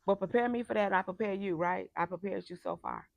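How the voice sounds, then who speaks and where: A woman life coach giving a passionate motivational talk, emphatic and turning loud and animated when making a point. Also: mid-range voice, brisk, gravelly, no echo.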